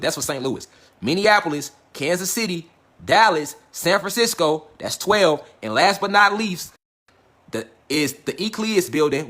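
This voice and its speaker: A man with a fairly high voice runs a casual livestream lecture. He is emphatic and profane, and keeps checking in with his audience and hammering each point home. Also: fairly bright tone. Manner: profane, emphatic, repeats "facts" and "all right"; talks directly to viewers, asks them questions. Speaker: online lecture host.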